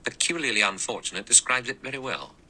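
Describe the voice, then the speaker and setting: A man's voice: medium pitch, lively intonation, fast talker, sharp tone, pitched above the performer's own voice, rough recording. A man voicing a hard, cynical adventurer who speaks grimly and drily. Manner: hard, grim, dry.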